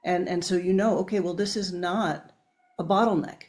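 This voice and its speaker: A woman's voice: fairly low pitch, steady tone, normal speed, a little mellow. A woman speaking as an interview guest, explaining research in an emphatic, conversational way and sometimes addressing listeners directly. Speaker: guest neuroscientist.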